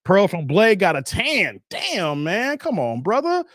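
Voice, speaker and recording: A man hosts a casual stream and riffs on viewer comments. His voice sits high and swings widely as he laughs and jokes. The sound is close and dry, with no room around it. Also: measured pace, no echo. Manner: animated, laughing, slang-heavy banter. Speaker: host reading viewer comments.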